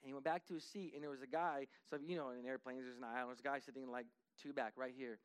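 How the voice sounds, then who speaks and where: A man telling a story in a conversational way, lively and full of restarts and repetitions, often dropping his voice to act out what people said. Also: mid-range voice, fast talker, smooth, no echo. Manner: lively, acts out dialogue, drops to a hushed voice for quotes.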